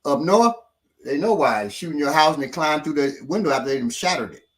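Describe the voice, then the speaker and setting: Guy with a kinda high voice, telling stories all slangy and cussing, laid-back chat. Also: fast talker. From Chicago. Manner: animated, profane, slangy storytelling. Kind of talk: casual storytelling chat.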